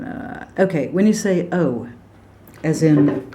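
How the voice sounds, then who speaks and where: Low, slow woman coaching pronunciation. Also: expressive, noisy background. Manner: deliberate, demonstrates sounds by contrast. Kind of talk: spoken pronunciation lesson.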